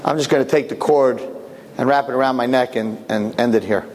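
A man's voice: medium pitch, brisk, big-room sound, background noise, close to an everyday voice. A man acting out a wailing, terrified unborn baby. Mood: despairing. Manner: wailing and sobbing in despair. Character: frightened doubting unborn baby boy in the womb.

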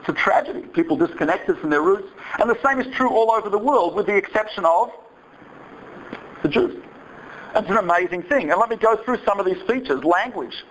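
A man's voice: sits high, brisk, slight background noise, rough recording. A man giving a humorous talk, animatedly telling anecdotes and acting out the voices in them. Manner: animated storytelling, acts out voices.

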